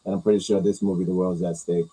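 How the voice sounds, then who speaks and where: A man hosting a casual talk, rambling through movie news with crude jokes and mumbled low asides. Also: flat delivery, quick pace, dark tone, husky, poor audio. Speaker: host reacting to movie news. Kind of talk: casual chat.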